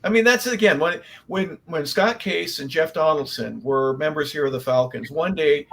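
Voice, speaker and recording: A man's voice: fairly high pitch, moderate pace, creaky, fairly bright tone, poor audio. A man hosting a sports talk show, chatting casually and reacting enthusiastically to his guest. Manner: enthusiastic, affirming interjections. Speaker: sports radio host. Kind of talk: casual talk radio chat.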